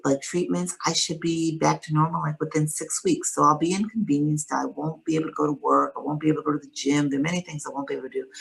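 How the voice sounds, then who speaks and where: A woman, a guest in an interview, calmly and reflectively retelling a personal story. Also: low-pitched, gravelly, husky, rough recording.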